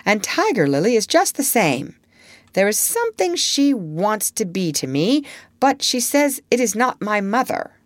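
A restless, boyish figure who never wants to grow up, anxious and easily puzzled, voiced by a woman reading a storybook aloud. The voice rides a lively, wide swing of pitch, and the sound is close and dry. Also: normal speed, few pauses, no echo, natural voice. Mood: earnest, anxious. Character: young boy who refuses to grow up.

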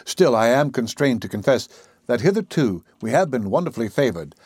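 A man narrating a classic adventure novel in the first person, with a husky voice and measured storytelling. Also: mid-range voice, big pitch swings, darkish tone, dry recording, studio quality. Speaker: audiobook narrator.

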